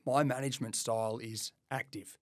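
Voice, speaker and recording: A man's voice: medium pitch, normal speed, no room sound. Laid-back Australian man, dry close mic. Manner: relaxed, self-deprecating, rambling with restarts. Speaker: podcast co-host, plumbing business owner. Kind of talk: casual podcast chat.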